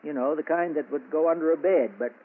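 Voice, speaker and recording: An actor playing a nosy, rambling small-town druggist with a drawling, homespun way of talking, in 1940s radio comedy style. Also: male voice, fairly high pitch, fast, natural voice. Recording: tinny old radio broadcast.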